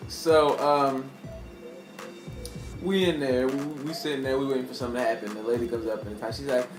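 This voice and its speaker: A man's voice: mid-range voice, steady tone, a little fast. A young man telling a casual storytime to his camera, rambling and laughing often, with slang. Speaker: vlogger. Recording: echoey room with faint music.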